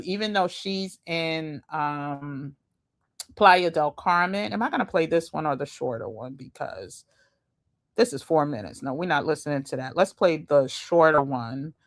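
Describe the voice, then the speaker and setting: A woman host giving casual, chatty commentary with slangy asides and laughs as she reacts to videos. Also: low-pitched.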